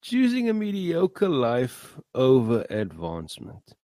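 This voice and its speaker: A man's voice: mid-range voice, wildly swooping pitch, takes it slowly, dark tone, no room sound. A man hosting a show, giving an earnest motivational talk full of fillers and repeated words. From South Africa. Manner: earnest, rising emphasis on key phrases. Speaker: podcast host. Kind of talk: motivational monologue.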